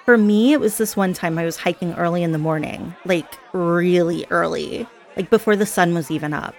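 A woman's voice: on the low side, normal speed, some chatter behind, close to an everyday voice. A woman playing a chatty, giggly party girl. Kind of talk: scripted audio role-play.

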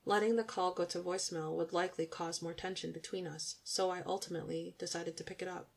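A young woman narrating an intimate audiobook story in the first person, in an even, intimate storytelling manner. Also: on the low side, fast talker, gravelly, breathy edge.

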